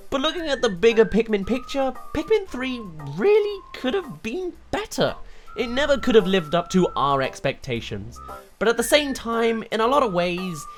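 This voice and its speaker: A game reviewer giving a rambling, exasperated video review, full of rhetorical questions. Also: medium pitch.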